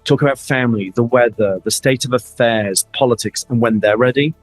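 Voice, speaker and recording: Man, middle-aged, Middle Eastern accent, animated storyteller, repeats words, dry close mic, faint music. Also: medium pitch, fairly quick, dry recording. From Middle East. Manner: animated storytelling, acts out quoted lines, frequent repeats. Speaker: interview guest, family office advisor. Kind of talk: conversational fireside chat.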